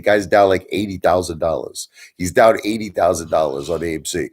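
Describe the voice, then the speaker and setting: A man's voice: low voice, brisk. A man hosting a livestream, ranting bluntly at his viewers, swearing and mocking them. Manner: blunt, swearing, mocks viewers in put-on voices. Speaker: livestream host.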